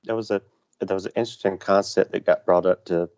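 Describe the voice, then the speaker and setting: Deep-voiced laid-back podcast guy. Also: fairly even intonation, quick pace, darkish tone. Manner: laid-back, agreeable, reflective. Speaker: podcast co-host. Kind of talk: casual podcast chat. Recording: slightly dull lo-fi audio.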